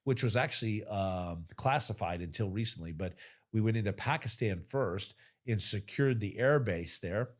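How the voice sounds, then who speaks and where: A man in his forties, a military veteran and podcast guest, telling stories casually in an animated, profane way, often getting louder for emphasis. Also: lowish voice, normal speed. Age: 40s. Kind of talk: casual storytelling.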